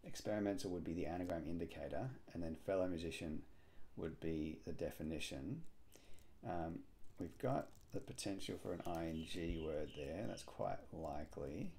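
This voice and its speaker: A man solving a cryptic crossword aloud, musing and hesitant, with frequent pauses and fillers. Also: sits low, dark tone, a little hiss or hum. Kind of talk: thinking aloud while solving.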